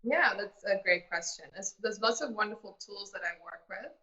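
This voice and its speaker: A woman with a bright, clear voice explains her advice earnestly, as a relationship coach talking through a video call. The sound is muffled and rings in a roomy, echoey space. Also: medium pitch, normal speed. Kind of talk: casual interview advice.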